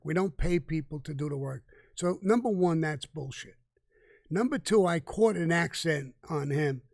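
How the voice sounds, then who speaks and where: A man's voice: a little high, creaky, darkish tone, dry recording, clean studio sound. Blunt, profane older New man. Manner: blunt and profane, with rambling restarts. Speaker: guest answering viewer questions. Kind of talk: casual live Q&A.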